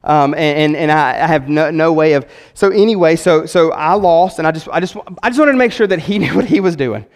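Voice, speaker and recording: Male pastor preaching in an excited, loose style, slightly high-pitched, often restarting sentences. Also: fairly quick, few pauses. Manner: enthusiastic, conversational; rambling with frequent restarts. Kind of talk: sermon.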